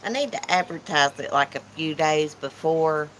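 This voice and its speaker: A woman's voice: low voice, normal speed, a bit bright, a little hiss or hum, rough recording. Chatty woman on a porch. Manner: chatty, teasing, reads chat aloud. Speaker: channel host. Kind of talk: casual livestream chat. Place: porch outdoors.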